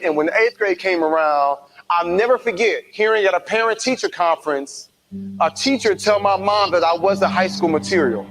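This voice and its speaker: A man giving a motivational talk, telling his own life story with lively acted-out quotes. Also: high-pitched, poor audio. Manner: animated, acts out quoted voices. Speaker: motivational speaker.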